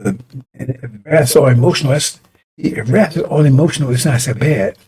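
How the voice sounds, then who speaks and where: A man's voice: medium pitch, a little fast, dark tone, husky. A man preaching a broadcast sermon in a fiery, rambling way, often repeating and restarting his phrases.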